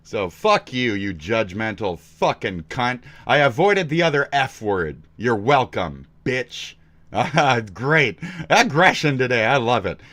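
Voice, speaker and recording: A young man ranting at his viewers in a profane, aggressive way, dropping to mutters and then shouting. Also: medium pitch, sing-song, takes it slowly. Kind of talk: profane rant with improvised raps.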